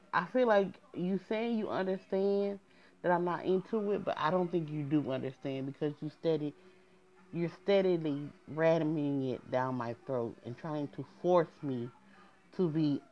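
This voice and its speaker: Young woman venting a dating story to her viewers, low voice, kinda muffled lo-fi sound. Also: measured pace. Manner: frank, exasperated, addresses viewers directly. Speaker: storyteller vlogger. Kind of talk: casual storytime monologue.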